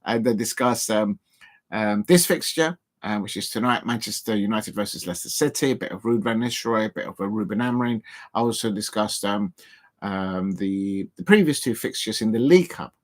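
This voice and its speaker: A man hosting a casual football live stream, rambling with frequent pauses and restarts as he chats to his viewers. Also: lowish voice, animated. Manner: rambling, many ums and restarts, chatty asides to viewers. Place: home, seated at a table.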